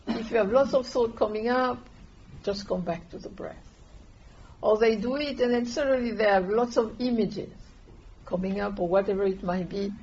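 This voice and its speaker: A woman, gently guiding a meditation class in an unhurried, soft-spoken way. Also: a little high. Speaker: meditation teacher. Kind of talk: calm meditation instruction. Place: meditation hall with listeners. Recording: dull lo-fi room recording with faint hiss.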